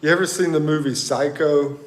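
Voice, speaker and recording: This livestream host is a man whose voice sits a little high, with a steady tone and moderate pace, plus some faint hiss or hum. He reads viewer comments in casual live chat, rambling as he thinks aloud.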